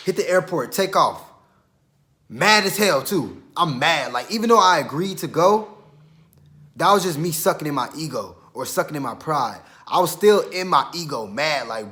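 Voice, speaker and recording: Slangy young man telling a story. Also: on the high side. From Georgia, US. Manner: slangy, loose, profane; animated, quick retelling with self-quotes. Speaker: vlogger. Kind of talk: casual storytime.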